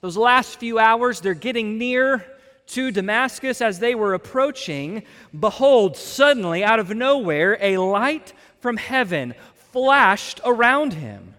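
A male pastor with a high-pitched, sharp-toned voice preaches an expository sermon slowly and with animation. He's emphatic, stretching key words for weight, and the recording carries the long reverb of a large hall.

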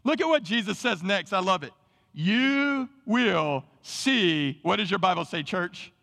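A man preaching a sermon to his church, animated and calling on the congregation to answer. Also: sits high, brisk, gravelly, in a large hall. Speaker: pastor. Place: church sanctuary.

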